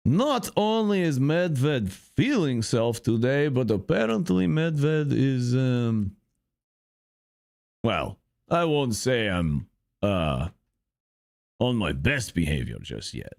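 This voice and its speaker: A man's voice: medium pitch, big pitch swings, slow pace, creaky, a little mellow, no room sound, clean studio sound, full character voice. A man voicing a boastful male Russian bear mercenary in broken English with a put-on Russian accent, talking about himself in the third person during a gaming session. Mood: smug. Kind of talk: gaming commentary skit.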